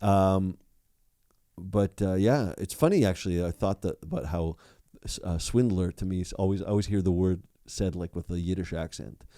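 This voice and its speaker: A man's voice: low voice, moderate pace, dry recording, clean studio sound. A young adult man co-hosting a podcast, chatting casually and animatedly with frequent restarts. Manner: animated, lots of restarts and laughter. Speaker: podcast co-host. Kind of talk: casual chat.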